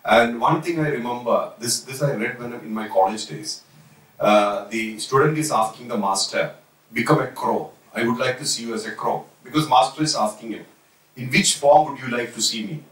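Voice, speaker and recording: A man gives an unhurried spiritual talk, pausing to restart his phrases. He sits back from the mic, so his voice carries a roomy echo. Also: mid-range voice, fairly bright tone. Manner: slow, reflective, with pauses and restarts. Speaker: spiritual teacher. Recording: roomy, voice from a distance.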